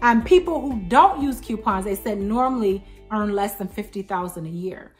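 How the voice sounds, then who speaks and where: A woman's voice: medium pitch, expressive, normal speed, faint music behind. A woman in her thirties chatting to camera as a couponing vlogger, telling stories with emphatic asides. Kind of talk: casual chat to camera.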